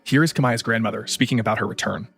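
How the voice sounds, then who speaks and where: A man hosting a true-crime podcast, narrating in a brisk, scripted way. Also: fairly low pitch, vocal fry, a bit bright.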